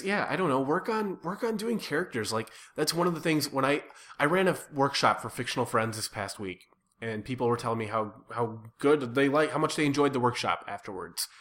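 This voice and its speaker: A man's voice: medium pitch, brisk, a bit bright. A man, an improv performer and workshop teacher, giving earnest advice in casual podcast chat with many restarts. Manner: earnest, advising, with frequent restarts.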